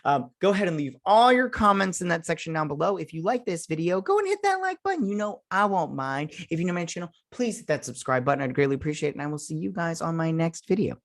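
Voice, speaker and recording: A man's voice: fairly high pitch, fast, few pauses. Heated man ranting on his vlog. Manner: heated, ranting, many restarts and fillers. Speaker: YouTube channel host. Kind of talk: reaction vlog commentary.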